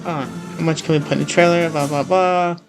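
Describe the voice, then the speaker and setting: Brief: male streamer, raised pitch, rambling live reaction, soft music bed. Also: steady tone, brisk. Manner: rambling, hesitant, talks over the broadcast. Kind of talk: casual live-stream commentary.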